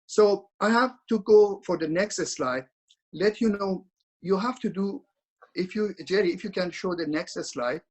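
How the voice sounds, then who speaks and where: A man's voice: high-pitched, unhurried, poor audio. A man speaking as a webinar presenter over a video call, instructing in an earnest, repetitive way with frequent restarts.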